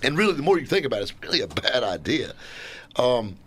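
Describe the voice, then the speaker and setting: A man's voice: mid-range voice, big pitch swings, fast, fairly bright tone, slight background noise. Folksy man hosting car radio. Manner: rambling, folksy, lots of "you know". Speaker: radio show host. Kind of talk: casual car talk show banter.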